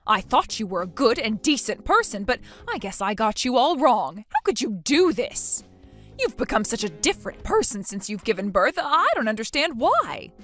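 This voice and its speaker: A woman's voice: on the high side, sing-song, normal speed, fairly bright tone, faint music behind. A synthetic female voice playing an indignant friend who scolds with pointed questions. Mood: accusing. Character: indignant woman friend, accusing and shrill.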